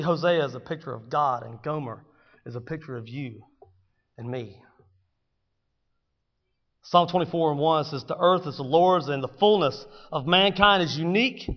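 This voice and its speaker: A man preaching a sermon, swinging dramatically between hushed storytelling and loud, fervent exclamation. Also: on the high side, normal speed, pauses often. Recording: dull sound with long hall reverb.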